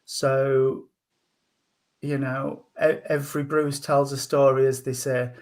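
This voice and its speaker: A man working as a medium, giving a psychic reading in a gentle, hesitant way full of ums and endearments. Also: mid-range voice, level tone, slow pace. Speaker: spiritual medium.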